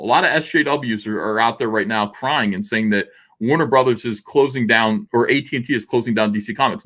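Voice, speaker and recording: A man's voice: mid-range voice, expressive, brisk, a bit bright. A man hosting a livestream, reading viewer messages and chatting in a rambling, casual way full of fillers. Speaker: livestream host reading super chats.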